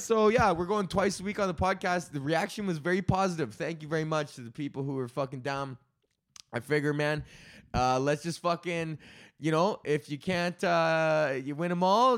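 A man's voice: sits high, fairly bright tone. A young man hosting his comedy podcast, ranting in a loose, rambling, profane way. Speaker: podcast host. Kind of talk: casual comedic rant.

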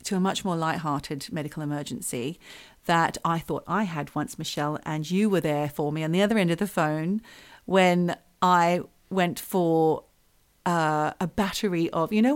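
A middle-aged woman co-hosting a casual chat, reading out a listener's story with lively swearing. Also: sits low, moderate pace. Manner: expressive storyteller, swears freely. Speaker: podcast co-host.

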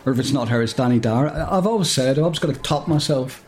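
A man's voice: medium pitch, fast talker, a little hiss or hum. A man reading a comic story aloud, breaking off often to joke and laugh. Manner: jokey, laughs often, digresses. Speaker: storyteller and podcast host.

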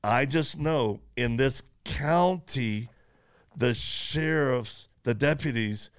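A man hosting a podcast interview, telling stories in quick animated bursts and laughing as he goes. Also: medium pitch, clear, resonant tone. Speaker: podcast host. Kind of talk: casual interview chat.

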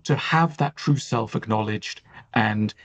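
A man's voice: fairly low pitch, a little slow, dull audio. A man talking as a podcast guest, explaining ideas in a thoughtful, reflective way with many "you know" fillers. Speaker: author and guest.

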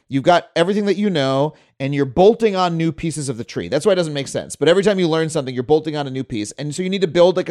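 A man from Long Island, telling stories in an energetic casual conversation and laughing often as he hosts. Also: a little high. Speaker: host.

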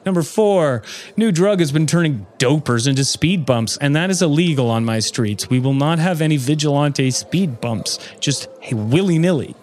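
A man's voice: a little high, expressive, normal speed, a little mellow, a little hiss or hum. A man hosting an improvised comedy podcast, reading out a mock-serious countdown list.

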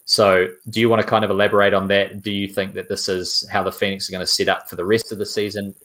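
A man's voice: fairly low pitch, flat delivery, fast talker, a bit bright. A man hosting a casual football fan podcast, enthusiastic and handing questions to his co-hosts. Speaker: podcast host.

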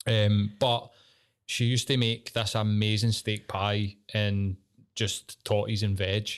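A man's voice: fairly low pitch, little pitch movement, slow, clear, resonant tone. Sweary Scottish man chatting. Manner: sweary, banter-heavy, laughs often. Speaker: podcast host. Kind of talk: casual chat.

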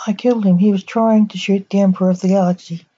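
A woman's voice: mid-range voice, steady tone, fast talker, dark tone, husky, close to an everyday voice. A woman voicing a stern male assassin who is a protective father, with dry, clipped lines, on a dull lo-fi recording. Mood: cold.

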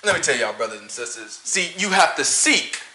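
A man putting on the voice of a solemn preacher who speaks slowly and quietly with long pauses. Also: medium pitch, big pitch swings, reverberant, pitched below the performer's own voice. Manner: slow, hushed, drawn-out pauses. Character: slow solemn male preacher, drawn-out.

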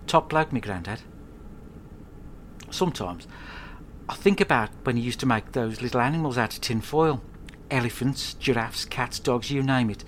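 A man rambles through a comic monologue at home, swearing and keeping a deadpan tone. His pitch sits in an ordinary middle range. Faint ambient noise lingers behind him. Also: moderate pace, pauses often. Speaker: podcast host.

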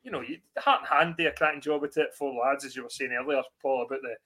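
A man hosting a casual football podcast, laughing often and talking in quick bursts. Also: medium pitch, sharp tone. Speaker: podcast host.

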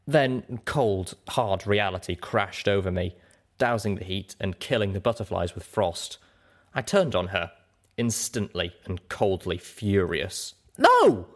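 A man narrating a story aloud as an audiobook reader, with an expressive, dramatic delivery. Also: low-pitched, measured pace. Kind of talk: scripted narration.

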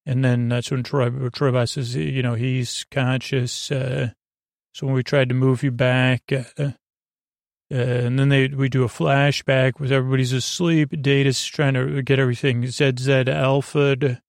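A man's voice: medium pitch, little pitch movement, normal speed, gravelly, no room sound, studio quality. A man hosting a sleepy podcast, loosely retelling an episode in a rambling way, with lots of "uh"s and "he goes". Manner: rambling, many "uh"s and "goes", quotes lines loosely. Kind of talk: casual sleepy recap.

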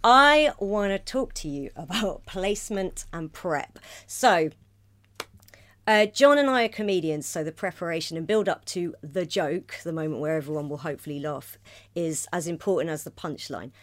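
A woman with a lower voice explains how singers place their sound. Her pitch jumps around a lot as she laughs. She talks in a relaxed, chatty podcast way. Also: normal speed. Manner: animated, laughs often, breaks into sung demonstrations. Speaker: podcast co-host, singer and comedian. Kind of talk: casual chat about vocal technique.

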